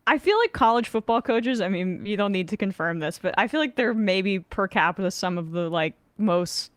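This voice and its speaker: A woman hosting an interview, asking questions with halting, searching phrasing full of restarts. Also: mid-range voice, expressive, dry recording. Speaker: show host. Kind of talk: casual conversational interview.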